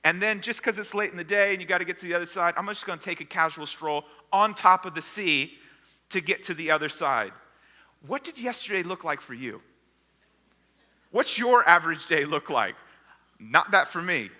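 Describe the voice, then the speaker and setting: A man preaching a sermon as pastor, retelling a story with lively acted-out voices for the people in it. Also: high-pitched, moderate pace. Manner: storytelling, acting out the disciples and crowd. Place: church sanctuary. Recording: long hall reverb.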